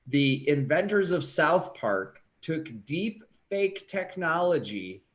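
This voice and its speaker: A man co-hosting a podcast in casual chat, excitable and teasing, with a fair bit of swearing. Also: fairly high pitch, takes it slowly. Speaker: podcast co-host.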